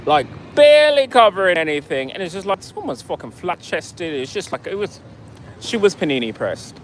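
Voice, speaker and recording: A man tells a story in a profane, sarcastic rant, his voice sitting a little high. He is outdoors in a city, with faint street noise under the recording. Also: sing-song, a little fast, poor audio. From United States. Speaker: vlogger. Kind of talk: casual ranting storytelling.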